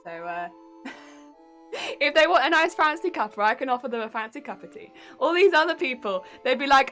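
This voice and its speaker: A young woman with a British accent streams from home and chats with her viewers. Her voice sits a little high, and she talks in a giggly, rambling way. Faint music plays softly under her. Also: animated, normal speed. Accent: British English. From England. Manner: giggly and chatty, reacting to chat. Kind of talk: casual live-stream chat.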